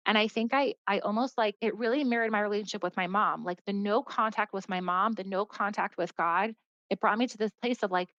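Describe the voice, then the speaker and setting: A woman's voice: mid-range voice, fairly quick, a bit bright, dry recording. A woman speaking as a podcast guest, telling a personal story in an earnest, casual way and often saying "like.". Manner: earnest, heavy use of "like" as a filler. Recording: dull, dry, slightly lo-fi audio.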